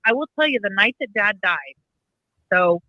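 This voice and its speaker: Very animated and bright, this woman's pushed mid-range voice moves at a moderate pace over dull, echo-free audio. As a podcast co-host, she casually tells a family story, rambling and frequently restarting sentences and correcting herself.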